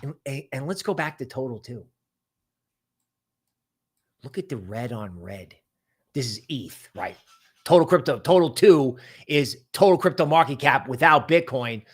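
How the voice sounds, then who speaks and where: A man hosting a casual crypto market stream, talking in an animated, rambling way full of asides. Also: medium pitch, moderate pace, slightly rough. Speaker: crypto market show host.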